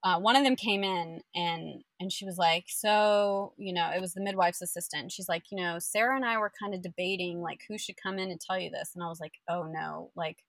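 A young woman telling her birth story in casual chat, animated and full of fillers, acting out the people she quotes. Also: lowish voice, fairly quick, creaky, hardly any pauses, no room sound.

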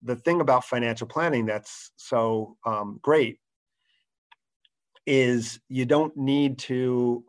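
A man who works as an accountant, speaking as an interview guest and explaining his work in a steady way, with frequent "um" fillers. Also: medium pitch, takes it slowly.

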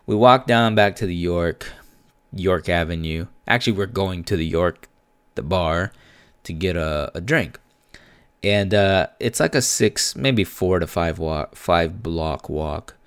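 A man with a deep, low voice spins a loose, slangy story, swearing freely and dropping in Spanish words. He sounds relaxed, taking sips of beer between lines. The sound is close and dry, with no room around it. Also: slow pace, clean tone, no echo. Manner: laid-back and profane, slangy, mixes in Spanish words; sips a beer while talking. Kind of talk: casual storytelling monologue.

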